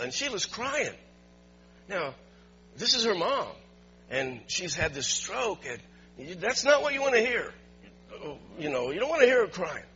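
A male pastor delivers a storytelling sermon with a bright, forceful voice pitched a bit high. He is animated and climbs to emphatic shouts. The recording sounds slightly dull, with a faint hum underneath.

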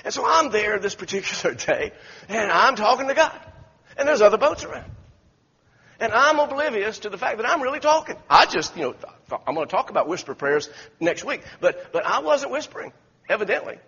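Preaching in a church sanctuary, a pastor speaks in a high, animated voice that is brisk, sharp and slightly rough. He tells folksy stories with many restarts, heard through the echo of the church hall on dull, lo-fi audio.

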